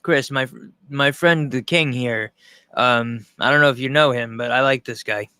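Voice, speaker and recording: A man from Long Island talks loosely on a livestream, swearing freely and tripping over his own restarts. His voice is bright and forward, at a middle pitch. The sound is dry and close. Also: normal speed, smooth, no room sound. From Long Island, New York. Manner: rambling, profane, frequent restarts. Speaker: streamer reacting to a news clip. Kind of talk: casual livestream commentary.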